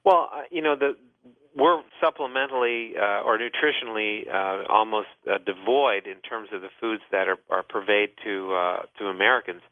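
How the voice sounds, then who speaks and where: A man's voice: lowish voice, normal speed, no echo. A man, a doctor hosting a call-in health show, explaining at length with many "uh" fillers. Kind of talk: call-in radio advice. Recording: thin phone-like dry sound.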